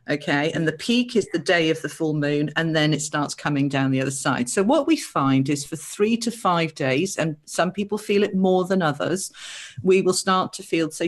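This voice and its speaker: Woman, therapist guest. Animated explainer, acts out quoted voices. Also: low-pitched. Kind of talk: explaining spiritual ideas on a live show.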